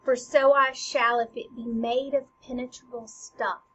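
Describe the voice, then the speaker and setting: A woman voicing an intense young prince who accuses loudly and declaims slowly. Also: a little high, level tone, muffled recording, slight background noise. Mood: accusing. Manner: loud, slow, declaiming.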